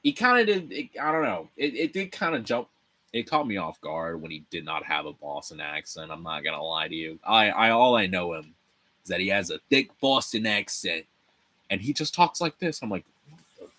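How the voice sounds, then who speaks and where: A husky young man with a fairly low voice hosts a casual livestream and talks straight to his viewers. His pitch swings all over the place as he rambles, swears freely and chuckles. He works on building a set while he chats. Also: normal speed. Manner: animated, rambling, swears freely, laughs often. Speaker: livestream host.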